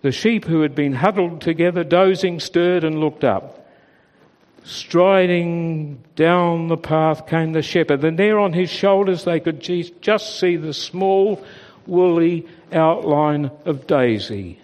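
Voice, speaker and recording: A man reading a children's story aloud in an expressive storybook voice. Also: on the high side, slow. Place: church. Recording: reverberant church hall.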